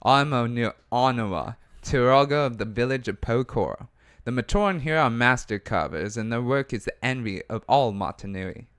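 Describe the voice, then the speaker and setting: A man's voice: mid-range voice, animated, moderate pace, fairly bright tone, smooth, dry recording, clean studio sound, natural voice. Man putting on a courtly elder with an Aussie twang. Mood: formal. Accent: put-on Australian, closer to New Zealand. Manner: stately, welcoming read-aloud dialogue. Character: elderly male village elder, courteous and formal.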